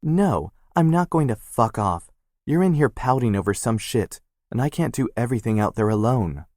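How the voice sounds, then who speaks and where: Man doing a young woman, foul-mouthed, blunt, teasing, raised pitch, dry close sound. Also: lively intonation, slow, darkish tone, no echo. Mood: angry. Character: brash, foul-mouthed young woman, tattoo shop worker.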